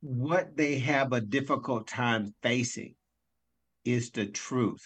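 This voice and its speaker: A man's voice: medium pitch, slow, a bit bright, husky. A man who is a coach, talking earnestly in a motivational conversation and often checking in with "right?".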